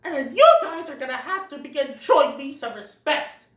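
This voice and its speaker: A reviewer putting on a shrill boasting cartoon sloth. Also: expressive, brisk. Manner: shouting, boasting. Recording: roomy sound, far from the mic.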